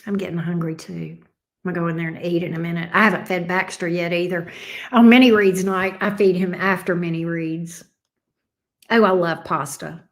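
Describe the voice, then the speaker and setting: A woman's voice: lowish voice, steady tone, moderate pace. A Southern woman from Alabama hosting a live stream, chatting casually and rambling as she reacts to viewer comments. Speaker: tarot reader and live stream host.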